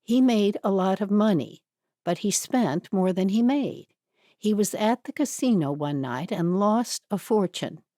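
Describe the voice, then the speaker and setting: A woman voicing an elderly Amish woman who tells a story in a measured, matter-of-fact way. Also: medium pitch, animated, warm tone, no echo, studio quality, close to an everyday voice. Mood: grim.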